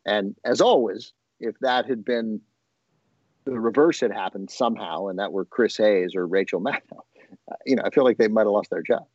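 A man's voice: lowish voice, moderate pace, darkish tone, no echo. A middle-aged man co-hosting a podcast, rambling and restarting his sentences in casual chat. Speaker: podcast co-host. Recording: dry, dull lo-fi recording.

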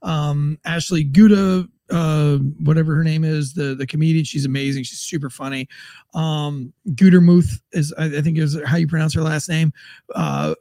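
A man's voice: a little high, fairly even intonation, moderate pace, dark tone, dry recording. A man hosting a podcast, recapping celebrity news in loose, rambling casual chat with lots of fillers. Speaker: podcast host.

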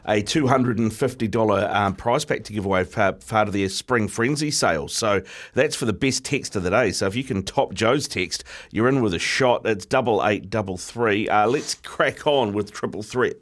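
A man hosting a radio show, reading listener texts and steering the talk briskly. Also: fairly low pitch. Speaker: radio host.

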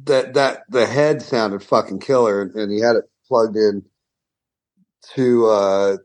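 A man's voice: on the low side, fairly even intonation, a little slow, a little mellow. A middle-aged man, a guest guitarist, telling a story in a rambling, profane way full of restarts. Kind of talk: casual storytelling interview.

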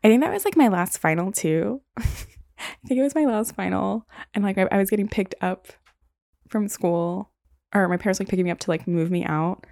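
Gravelly, dark-voiced young woman rambling. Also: medium pitch, moderate pace, no echo, studio quality. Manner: casual, rambling, frequent "like" and "um". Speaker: podcast host. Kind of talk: solo podcast storytelling.

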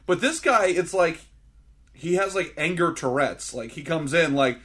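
A man with a high, bright voice rants sarcastically in a casual movie chat. He acts out scenes as he goes and often jumps to shouts. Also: moderate pace. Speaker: podcast co-host.

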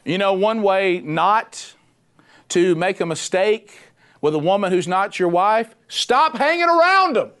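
Middle-aged male preacher, rather high voice, animated and chatty sermon delivery. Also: measured pace. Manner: animated, conversational, punchy repetition. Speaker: preacher, former radio host.

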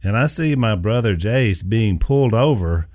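A man's voice: lowish voice, animated, normal speed, a little mellow. A man in casual chat, chiming in and finishing the other speaker's sentences. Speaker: podcast co-host.

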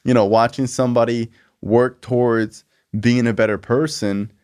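A man's voice: medium pitch, steady tone, moderate pace, darkish tone, smooth. A man hosting a casual talk show about recovery, laid-back, with lots of "like" and "you know". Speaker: podcast host.

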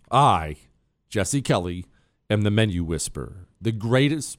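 A man's voice: lowish voice, sing-song, normal speed, dry recording, studio quality. A man hosting a radio show, bragging playfully and teasing a co-host off mic in casual monologue. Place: radio studio. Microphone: studio mic.

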